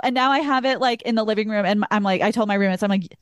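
A woman's voice: fairly high pitch, fast talker, no echo, clean studio sound. A woman hosting a casual podcast, telling personal stories candidly and swearing freely. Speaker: podcast host.

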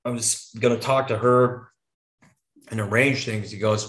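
Man guest, chatty storyteller, mid-pitched, loose and rambling, roomy echo. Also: steady tone, measured pace, fairly bright tone. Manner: rambling, with frequent restarts and casual swearing. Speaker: podcast guest. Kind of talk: casual conversational storytelling. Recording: echoey room.

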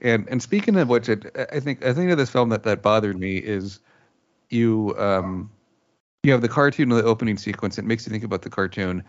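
Low-voiced man critiquing a movie. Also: expressive, brisk, lo-fi sound. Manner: critical, hesitant with fillers. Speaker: podcast co-host, film reviewer. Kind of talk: casual chat.

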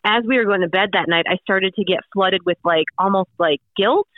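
A woman's voice: mid-range voice, a little fast, dry recording. Woman telling a story over a tinny phone line. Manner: rambling, lots of fillers and restarts. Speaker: radio host, guest. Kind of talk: casual storytelling on a call. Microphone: phone call.

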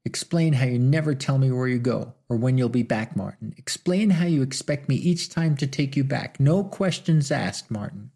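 A man's voice: fairly low pitch, unhurried, creaky, hardly any pauses, a little mellow, breathy edge, exaggerated voice. A man voicing a proud, hurt young woman who speaks in angry, accusing and sarcastic bursts.

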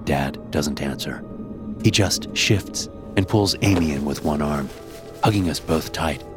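A man narrating a first-person horror story in a hushed, somber manner. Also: rumbling low, a little slow. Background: music.

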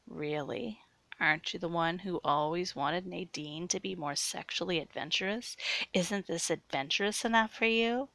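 Woman doing a bubbly young woman gone sinister, gravelly edge, dry close sound. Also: on the low side, moderate pace, fairly bright tone, no echo. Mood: menacing. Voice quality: coarse like sandpaper when sinister.

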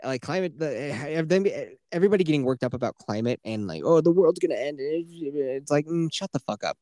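A man's voice: fairly high pitch, animated, brisk, darkish tone, no echo. Profane, chatty podcast man with a dry sound. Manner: profane, loose, recounts debate in quoted voices. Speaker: podcast co-host. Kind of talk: casual political chat.

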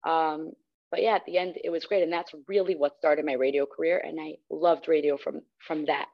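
Young female guest, storyteller who acts out quotes, low-ish voice, dull recording. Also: fairly even intonation, normal speed, creaky. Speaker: guest, radio host. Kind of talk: casual storytelling in an interview. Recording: slightly muffled recording.

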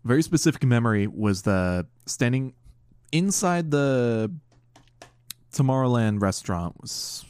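A man's voice: medium pitch, animated, measured pace, a little mellow, smooth, no room sound. Young man in chatty podcast banter. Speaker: podcast co-host. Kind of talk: casual chat.

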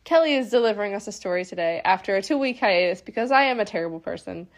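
A woman's voice: mid-range voice, animated, fast talker. A young adult woman co-hosting a podcast in casual chat, giggly and rambling with lots of "like". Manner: giggly, rambling, heavy "like" filler. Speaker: podcast co-host.

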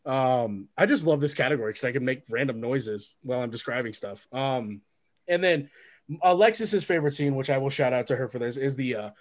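A man's voice: mid-range voice, expressive, brisk. Rambling man reviewing movies. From lives in Oregon. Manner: rambling with frequent ums and restarts. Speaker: podcast co-host. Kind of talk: casual movie review chat.

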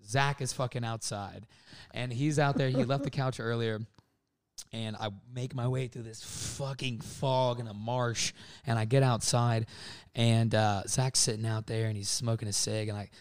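Clear and resonant, the medium-pitched voice of a man in his twenties moves at a normal speed as he co-hosts a podcast. Telling a story in casual talk, he's animated, laughs frequently, and acts out quotes from other people.

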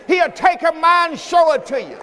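High-voiced preacher shouting in a hall. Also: male voice, very animated, moderate pace, some chatter behind, slight background noise. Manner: calls on the congregation to respond; shouting with emphasis. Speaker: pastor. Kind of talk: sermon. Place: church sanctuary. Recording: echoey church hall with music.

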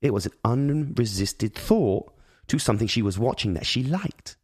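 A man's voice: medium pitch, animated, normal speed, breathy edge, no room sound, clean studio sound. A father speaking in an earnest, reflective monologue on parenting, rambling with many restarts and repeated words.

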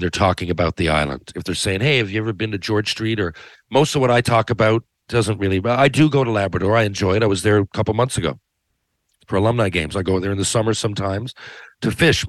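A man's voice: lowish voice, fairly quick, dry recording. Rambling man, dry close sound. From Newfoundland, Canada. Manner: rambling, profane, tags lines with "right?". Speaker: podcast host. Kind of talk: casual monologue.

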